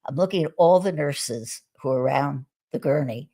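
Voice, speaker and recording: A woman guest on a video call, recounting her experiences in a relaxed conversational way, with frequent restarts and soft laughs. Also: low voice, normal speed, husky. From United States. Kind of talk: conversational storytelling on a live stream.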